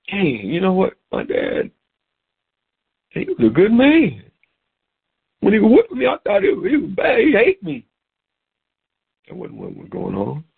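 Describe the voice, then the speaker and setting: A middle-aged man preaching a sermon over a phone call, animated and repeating words as he goes. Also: fairly high pitch, vocal fry, breathy edge. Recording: tinny phone-line sound.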